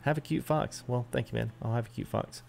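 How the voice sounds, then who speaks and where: A man's voice: medium pitch, brisk, gravelly, a little mellow, soft background music. A man chatting casually with live viewers while customizing a truck in a game, greeting them by name. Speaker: streamer. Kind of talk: live gameplay stream chat.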